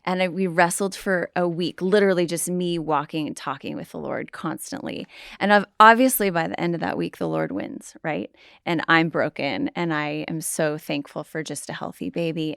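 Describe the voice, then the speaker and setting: A woman's voice: low-pitched, moderate pace, gravelly, dry recording, clean studio sound. A middle-aged woman, a podcast guest, telling family stories in casual conversation and acting out quoted dialogue. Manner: animated storytelling, acts out quoted dialogue. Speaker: podcast guest, pastor's wife.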